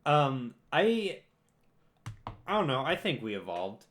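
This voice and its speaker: A man's voice: mid-range voice, very animated, slow pace, a bit bright. Rambling, chatty young man. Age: young adult. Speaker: podcast co-host. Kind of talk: casual chat.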